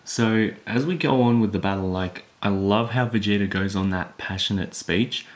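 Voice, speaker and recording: A man with a low voice talks through a comic chapter in a loose, casual way. He rambles and leans on fillers, and he gets worked up as he retells the fight scenes. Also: moderate pace. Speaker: manga recap YouTuber. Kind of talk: casual spoken recap.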